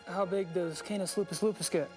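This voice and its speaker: Man voicing a sardonic game detective, flat and deadpan, mid-pitched. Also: a little fast, music in the background, lightly acted. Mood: questioning. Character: wry American male occult investigator.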